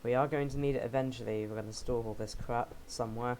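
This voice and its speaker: A man's voice: medium pitch, fairly even intonation, fast talker, a little mellow, a little hiss or hum, low-quality recording. A young man giving rambling, jokey commentary while playing a game, often poking fun at himself. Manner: rambling, jokey, self-mocking asides. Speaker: game let's player. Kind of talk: casual gameplay commentary.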